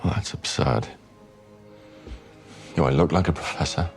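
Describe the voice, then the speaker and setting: A gravelly, very deep secret radio broadcaster. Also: male voice, measured pace, heavily acted. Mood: gentle. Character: reclusive older man, secret radio broadcaster. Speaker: actor in a drama. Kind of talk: drama scene. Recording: drama with music behind.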